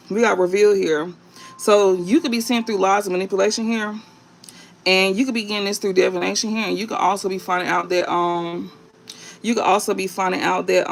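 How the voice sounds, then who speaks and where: On a late-night livestream, a man acting as a tarot reader talks bluntly and swears, stretching out his fillers and repeating phrases. His voice sits high and has a creaky edge.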